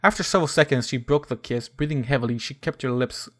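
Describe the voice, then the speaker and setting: A man's voice: mid-range voice, fast, fairly bright tone. A man reading a first-person fan fiction story aloud, often stumbling and correcting himself. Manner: stumbling restarts and self-corrections.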